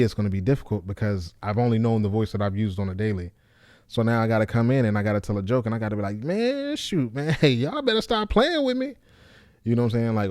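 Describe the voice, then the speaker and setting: A man who is a stand-up comedian, talking casually to camera in a low, deep, monotone voice with loose fillers. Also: dry recording, studio quality. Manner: loose, repeats himself with fillers like "you know what I'm saying".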